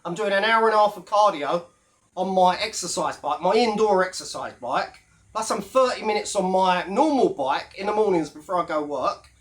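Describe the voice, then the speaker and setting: A man's voice: sits high, expressive, moderate pace. A man talking straight to camera in a casual, mocking rant full of swearing. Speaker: YouTube commentator. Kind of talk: casual ranting monologue.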